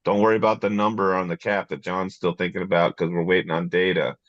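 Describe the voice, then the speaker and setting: A man with a gravelly voice chairing a town board meeting, talking in a halting way and often repeating words. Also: low-pitched, little pitch movement, no room sound, lo-fi sound. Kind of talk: casual meeting discussion.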